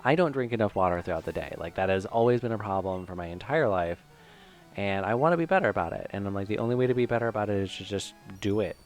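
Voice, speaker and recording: A man's voice: fairly low pitch, expressive, quick pace, soft background music. A man from Michigan chatting casually while streaming a video game, rambling and self-mocking with lots of fillers. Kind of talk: casual let's-play commentary.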